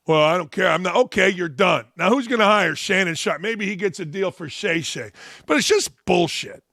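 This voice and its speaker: Man, middle-aged, sports talk host, blunt profane rant, high voice, dry close sound. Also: lively intonation, a little fast, creaky, sharp tone, no echo.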